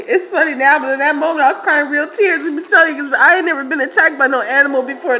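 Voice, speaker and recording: Woman, 30s, AAVE speaker, bright high voice, lively casual storyteller. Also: fast talker, hardly any pauses, slight background noise, rough recording. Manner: animated, laughing, slangy, talks to listeners directly. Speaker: storyteller host.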